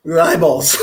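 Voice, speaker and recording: Crude joking guy from LA on a stream, high voice, takes his time talking. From Los Angeles, California. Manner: crude, joking, often laughing. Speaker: streamer reading chat. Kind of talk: casual live-stream chat.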